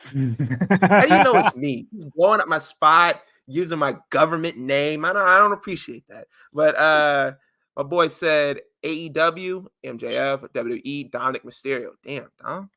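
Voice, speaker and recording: Bright-voiced joking man on a podcast. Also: a little high, normal speed, no echo, studio quality. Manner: loose, joking, reads listener answers aloud. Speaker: podcast co-host. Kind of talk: casual chat.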